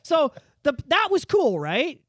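A man's voice: very high voice, slow, no room sound. A man holds forth in casual podcast chat, his voice jumping up and down as he rants. He swears often and builds his points with gusto. The sound is dry and close, with no room around it. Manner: animated, profane ranting. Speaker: podcast co-host.

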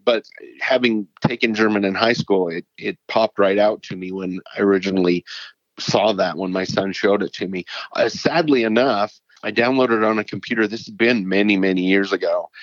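A man's voice: on the low side, steady tone, moderate pace, no echo. A middle-aged man from Utah, a paranormal author, telling his stories in a casual, earnest and rambling way as an interview guest. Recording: dull lo-fi dry sound.

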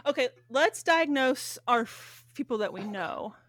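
A woman co-hosts a casual chat in a slightly high, wry voice, joking and often trailing off mid-thought. Her sound is dry and close, with no room around it. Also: animated, a little slow, a bit bright, no room sound. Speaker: podcast co-host.

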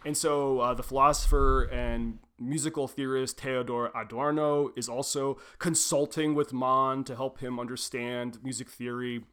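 A man's voice: mid-range voice, flat delivery, normal speed, hardly any pauses, a bit bright, clear, resonant tone. A young adult man co-hosting a literary podcast, talking casually and loosely, with lots of "like" and restarts. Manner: rambling, self-correcting, frequent "like" and "um". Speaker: podcast co-host.

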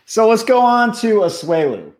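A man co-hosting a podcast who keeps moving the conversation along. He sounds chatty and loose, with a high voice that rises and falls a lot. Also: big pitch swings, moderate pace, a little mellow. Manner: steers the topics, chatty with fillers. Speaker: podcast co-host. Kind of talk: casual chat.

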